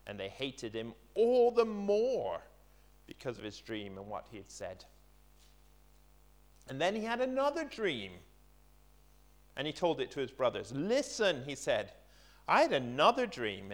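A middle-aged man preaching a conversational sermon, pausing on fillers and reading scripture aloud. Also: medium pitch, huge pitch swings.

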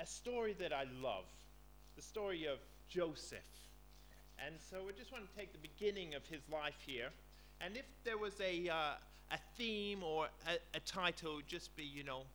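A middle-aged man preaching a conversational sermon, pausing on fillers and reading scripture aloud. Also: a little high, fairly bright tone, slight background noise.

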